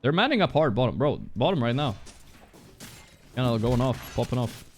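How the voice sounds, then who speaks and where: A man's voice: mid-range voice, big pitch swings, moderate pace, a little hiss or hum. A man streaming and reacting to a match, talking loosely with viewers and swearing. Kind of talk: casual stream commentary.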